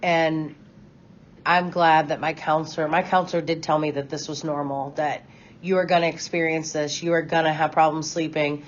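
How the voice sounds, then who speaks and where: A woman speaks up in class in a somewhat low voice, candid and chatty, often saying "like". The recording is dull with a faint hiss in the background. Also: flat delivery, normal speed. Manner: candid, chatty, says "like" a lot. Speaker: student. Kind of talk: casual classroom discussion.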